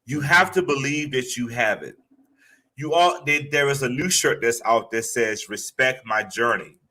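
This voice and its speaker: A man joining as a guest counselor in a casual conversation over a video call, speaking in a lively, affirming way. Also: mid-range voice, normal speed.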